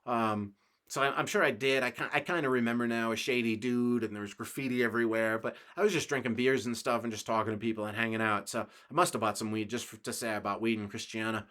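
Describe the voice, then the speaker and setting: A man from the United States talks on his own podcast in a loose, rambling storytelling manner, with an ordinary mid-range voice. He swears freely and chuckles through his anecdotes, relaxed and unscripted. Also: mid-range voice, fast talker. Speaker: podcast host.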